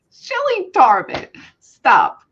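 A woman's voice: very high-pitched, wildly swooping pitch, very slow, a bit bright, dull audio, slight background noise. A woman hosting a live auction stream, laughing through her words. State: laughing to tears. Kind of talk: live selling stream chat.

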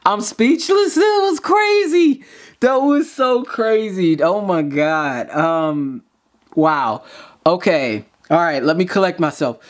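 A man hosting a reaction video, talking in an excited, slangy way and tripping over his own restarts. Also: fairly high pitch, slow pace.

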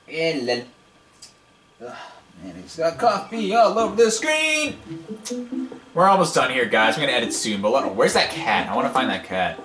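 A man's voice: mid-range voice, very animated, normal speed, long pauses, bright, forceful tone. A man giving casual, rambling gameplay commentary as a let's play host, impatient and wisecracking. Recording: echoey room, game music behind.

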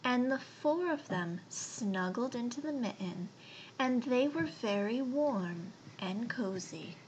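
A woman reading a children's storybook aloud in a gentle, unhurried way. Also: fairly high pitch, lively intonation, dull audio, a little hiss or hum.

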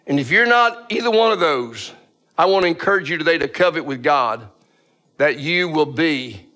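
A man's voice: a little high, fairly bright tone. A male pastor preaching a sermon in a church, telling a story with lots of stammered, repeated starts.

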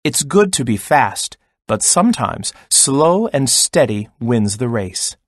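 A man voicing a calm, steady turtle in a children's storybook, speaking slowly and gently. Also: medium pitch, dry recording. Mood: content. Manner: slow, gentle.

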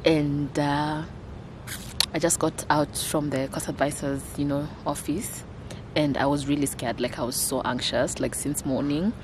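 A woman's voice: sits low, fairly even intonation, a little slow, background noise. A Kenyan woman in her twenties, talking to camera in a casual vlog, emotional and gushing, repeating her phrases. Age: 20s. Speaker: vlogger.

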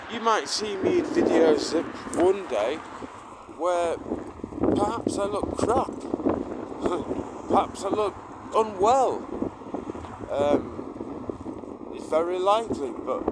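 A man in his forties giving a personal testimony to camera, halting with many restarts and dropping to a hushed tone when moved. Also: a little high, very noisy. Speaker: Christian video host.

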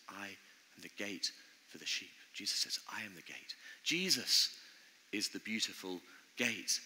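A man preaching a sermon in an earnest, conversational way, pausing often as he speaks in a church. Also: on the low side, pushed and bright. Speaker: pastor. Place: church building. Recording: long church reverb.

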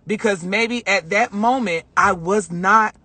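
A man chatting casually on a livestream, emphatic and animated, repeating phrases for effect as he tells a spiritual story. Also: high-pitched, unhurried, husky, no room sound. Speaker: vlogger.

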